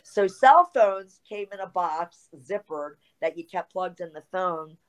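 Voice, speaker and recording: Woman, low voice, middle-aged, lively storyteller, blunt and swearing. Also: measured pace, low-quality recording. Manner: animated storyteller acting out quoted dialogue, swears freely. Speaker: guest. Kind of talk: casual storytelling in a podcast interview.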